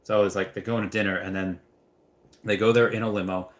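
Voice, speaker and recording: A male streamer with a fairly low voice chats casually through a livestream. He reads viewer comments aloud and trips over his words, repeating the first words of a sentence before getting going. Between comments he wanders off into long stories. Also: level tone, brisk. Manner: reads out chat messages, then rambles into anecdotes; frequent stammered restarts. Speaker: livestream host answering viewer questions.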